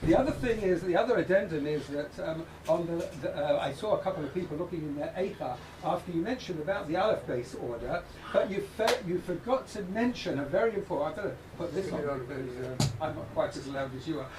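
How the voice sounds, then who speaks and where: A man making halting, polite remarks to a synagogue gathering, stumbling and restarting as he adds points. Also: on the high side, animated. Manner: hesitant, many fillers and restarts, polite. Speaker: synagogue member and Torah scribe. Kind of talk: casual remarks to a congregation. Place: synagogue hall. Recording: echoey hall from far off with noise.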